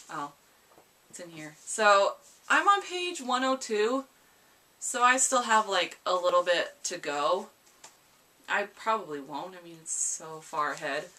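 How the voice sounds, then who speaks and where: Bright-voiced young American woman chatting about books. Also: lowish voice, slight background noise. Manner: chatty, rambling, playfully dramatic. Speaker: book vlogger. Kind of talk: casual book chat to camera.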